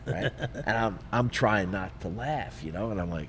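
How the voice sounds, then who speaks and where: Deep voiced ex cop co-hosting a podcast, chatty storyteller, does the voices. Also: male voice, moderate pace, slight background noise. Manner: animated, acts out dialogue, frequent fillers. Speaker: podcast co-host, retired police officer. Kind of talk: casual storytelling.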